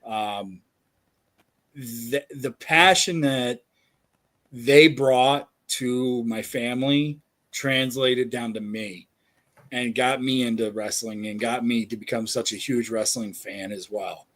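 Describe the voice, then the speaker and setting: A man from upstate New York hosting a wrestling podcast, friendly and quick to laugh as he leads the chat. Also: mid-range voice, fairly even intonation, a bit bright. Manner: friendly, laughs easily, asks leading questions. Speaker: podcast host. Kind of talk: casual interview chat.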